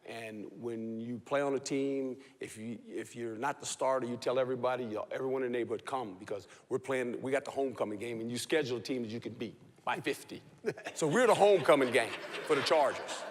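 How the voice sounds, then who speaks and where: A man, a football coach, telling a lively story on a talk show and laughing as he goes. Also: mid-range voice, brisk. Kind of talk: animated anecdote on a TV talk show. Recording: long hall reverb.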